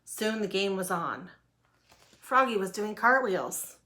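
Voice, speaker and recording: A woman reading a children's picture book aloud in a lively, expressive way. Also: medium pitch, takes it slowly. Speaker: storyteller. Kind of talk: children's storybook read-aloud.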